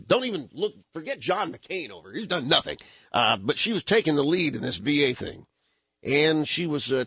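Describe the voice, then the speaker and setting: Brief: male radio host, husky and dry-miked, animated, rambling commentary. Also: mid-range voice, no echo. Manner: animated, rambling, frequent restarts and fillers. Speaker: radio talk show host. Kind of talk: conservative talk radio commentary. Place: radio studio.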